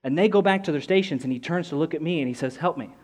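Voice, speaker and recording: A man's voice: fairly high pitch, racing. A young man telling a personal story with candid, rambling earnestness, full of restarts and fillers. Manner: earnest, rising excitement in quoted moments.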